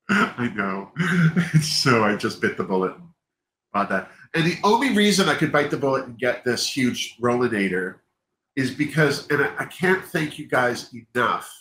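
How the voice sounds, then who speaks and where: A man's voice: medium pitch, animated, measured pace, fairly bright tone. A man hosting a livestream, chatting candidly and openly emotional, often stopping and restarting his sentences. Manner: rambling, self-interrupting, openly emotional. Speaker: livestream host. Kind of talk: casual candid chat. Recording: echoey room, faint background noise.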